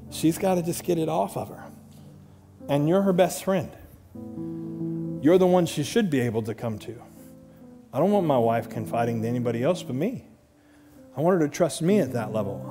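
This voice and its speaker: A man preaching a sermon, animated, acting out quoted voices with big swings up in pitch. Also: long reverb tail. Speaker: pastor. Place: large church hall.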